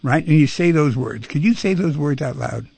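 A man's voice: on the high side, lively intonation, moderate pace, creaky, warm tone, husky, dry recording. A man hosting a call-in radio show, coaching a caller in a pushy, coaxing way and repeating his commands. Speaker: radio host.

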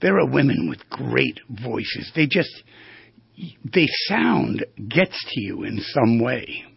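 Gravelly husky New radio host. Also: male voice, medium pitch, very animated, takes it slowly, no room sound, lo-fi sound. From New York. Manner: rambling, storytelling, drifts between tangents. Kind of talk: casual talk on voice skills.

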